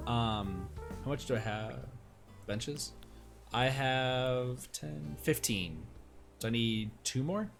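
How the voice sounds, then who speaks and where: A man's voice: mid-range voice, slow, creaky, faint music behind. A man casually chatting to his viewers while streaming a video game, rambling and thanking chat by name. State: hiccups.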